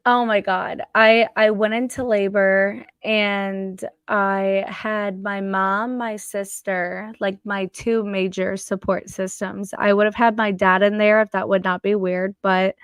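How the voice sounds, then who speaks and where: Blunt, smooth-voiced young woman. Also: medium pitch, little pitch movement, slow pace, hardly any pauses, dry recording. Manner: blunt, swears freely, acts out quotes. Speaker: guest telling her story. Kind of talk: casual interview chat.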